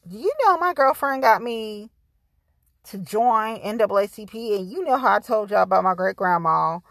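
A woman's voice: medium pitch, a bit bright, no echo. A woman hosting her own podcast, talking candidly and profanely straight to her listeners in a casual monologue. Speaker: podcast host.

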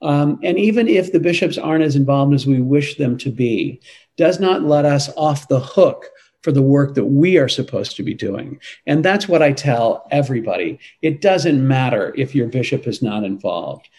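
A man's voice: mid-range voice, expressive, normal speed, a little mellow, poor audio. Earnest, emphatic man answering questions. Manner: earnest and emphatic, with frequent restarts. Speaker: interview guest, Catholic advocacy leader. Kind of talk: conversational interview answers.

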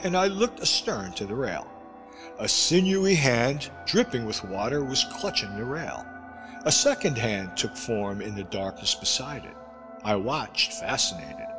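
A man narrating a classic novel with expressive, animated delivery. The recording is wrapped in a long, hall-like reverb. Music plays clearly beneath the narration. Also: medium pitch. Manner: expressive storytelling. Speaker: audiobook narrator. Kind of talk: scripted narration.

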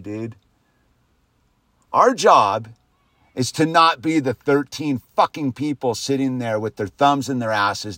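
A man hosting a podcast, delivering a heated, profane rant that keeps ending on a dropped "dude". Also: no room sound. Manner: heated and profane, peppers lines with "dude", swings loud then drops low. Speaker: podcast host. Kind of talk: profane ranting monologue.

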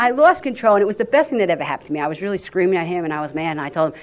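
A woman sharing her personal recovery story at a meeting, telling it in an animated way and acting out what people said. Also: medium pitch, very fast, hardly any pauses.

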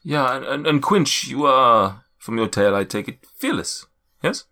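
A man voicing a kindly, worried male cloud giant in a put-on German accent, speaking slowly in drawn-out, solemn pronouncements. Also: medium pitch, lively intonation, pushed and bright. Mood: probing. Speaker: game master.

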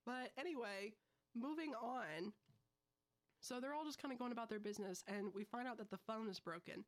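A young woman hosts a casual podcast, telling a film's plot in a breezy, quick way. She tosses in slangy asides as she goes. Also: fairly high pitch. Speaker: podcast host. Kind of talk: casual film review chat.

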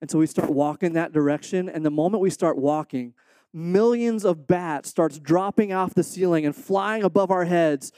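Man, high-pitched, preaching, earnest, animated storyteller, dry sound. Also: moderate pace, smooth, no echo. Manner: earnest, animated storyteller who acts out quotes. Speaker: missionary speaking to a supporting church. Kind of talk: sermon with a personal story.

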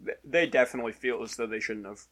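A man's voice: mid-range voice, quick pace, a bit bright. A man hosting a podcast, talking loosely and joking, with fillers and the odd swear. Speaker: podcast host. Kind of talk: casual sports chat.

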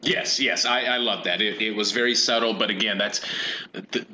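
A man's voice: lowish voice, fairly even intonation, normal speed, bright, forceful tone, poor audio. A man discussing a film on a podcast in a thoughtful way, with hesitant restarts. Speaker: podcast co-host.

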